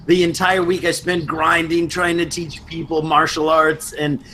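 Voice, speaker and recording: A man's voice: a little high, level tone, measured pace, bright, forceful tone, a little hiss or hum, low-quality recording. A man who teaches martial arts, co-hosting a podcast and chatting with enthusiasm and some teasing. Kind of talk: casual podcast chat.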